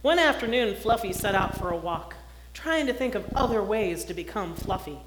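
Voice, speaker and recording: A woman's voice: mid-range voice, normal speed. A woman minister reading a children's story aloud and giving announcements at a service. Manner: expressive storytelling, plain announcing. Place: church sanctuary. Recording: roomy hall, faint noise.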